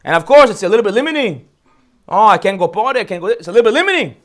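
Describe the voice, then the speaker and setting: Very fast and high-sitting, the man's voice carries a funny Torah lecture for a holiday class he teaches as a rabbi. He tells stories with animation and asks rhetorical questions.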